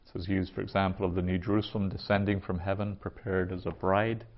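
Slow, careful male Greek teacher. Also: sits low, level tone. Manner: slow, careful pronunciation with repetition. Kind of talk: vocabulary lesson. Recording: dull lo-fi recording.

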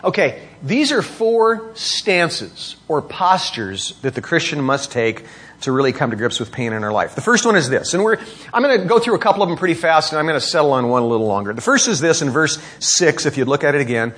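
Husky-voiced preacher, rhetorical and expressive. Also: male voice, fairly quick. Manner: expository preaching with rhetorical questions, pitch rising for emphasis. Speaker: pastor. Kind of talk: sermon.

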